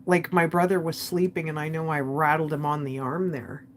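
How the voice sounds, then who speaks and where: Woman telling a personal story, low-pitched. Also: fairly even intonation, moderate pace, slight background noise. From Canada. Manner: candid, emotional retelling with many "like"s. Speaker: vlogger.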